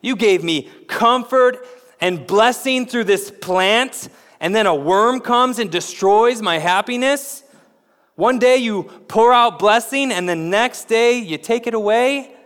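A man's voice: a little high, measured pace, hardly any pauses, in a large hall, lightly acted. A man voicing a despairing prophet who pleads with God in an anguished lament. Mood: bitter complaint.

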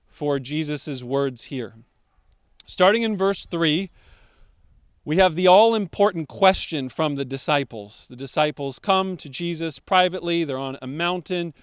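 A man preaching a sermon as pastor, slowing down to stress key words. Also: on the high side, clear, resonant tone, no room sound, clean studio sound.

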